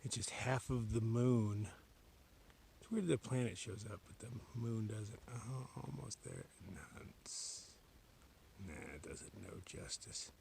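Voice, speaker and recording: A man vlogging alone on a forest trail at night, chatting casually to a handheld camera as he walks, sometimes dropping to a hushed whisper. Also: lowish voice, lively intonation, takes it slowly, vocal fry, a little hiss or hum. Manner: chatty, drifting between normal voice and hushed whispers. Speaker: solo long-distance hiker vlogging. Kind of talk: casual talk to camera while hiking.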